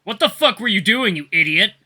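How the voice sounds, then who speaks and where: A man voicing a gruff, menacing male wolf butcher who snarls and scolds harshly. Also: fairly high pitch, animated, a little fast, bright, forceful tone, pitched above the performer's own voice. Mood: angry snarling.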